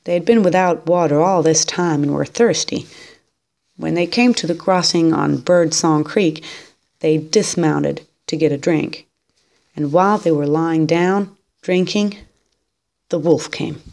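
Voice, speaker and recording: Woman reading a novel aloud, low voice, very slow pace, steady storytelling. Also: creaky. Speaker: reader.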